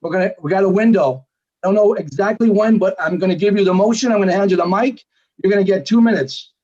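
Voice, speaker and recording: A man telling a personal story in a casual, animated way, acting out the lines of the people in it. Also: high-pitched. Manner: animated, quick storytelling with quoted dialogue. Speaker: guest storyteller. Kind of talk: casual anecdote. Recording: dull lo-fi sound.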